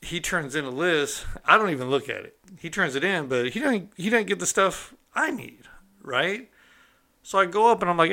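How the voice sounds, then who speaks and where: Man, bright forceful voice, streetwise storyteller, casual and conversational, keeps asking "right?". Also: on the high side, brisk. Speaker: storyteller recounting his own past. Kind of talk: casual first-person storytelling.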